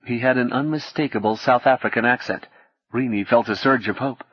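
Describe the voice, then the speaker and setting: Husky guy narrating an audiobook, dry close sound, kinda muffled. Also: medium pitch, moderate pace, no room sound. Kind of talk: scripted narration.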